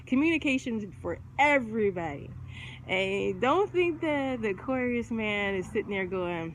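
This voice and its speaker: A middle-aged woman talks in a loose, rambling, slangy way, breaking into laughter often. Her pitch swings up and down freely. Steady background noise sits under her voice. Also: normal speed. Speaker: vlogger. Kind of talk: casual chat. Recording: noisy background ambience.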